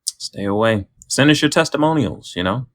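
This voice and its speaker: A man co-hosting a podcast, running segments in a playful, lively way. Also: medium pitch, normal speed, dry recording, studio quality. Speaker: podcast co-host. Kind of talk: casual chat.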